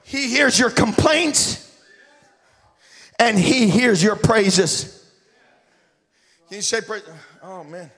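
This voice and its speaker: A man's voice: sits high, animated, slow pace, long pauses, fairly bright tone, husky. A man preaching a sermon as a missionary, calling on the congregation to repeat after him and joking with them. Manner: call-and-response with the congregation; jokes with the crowd. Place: church sanctuary. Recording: echoey church hall.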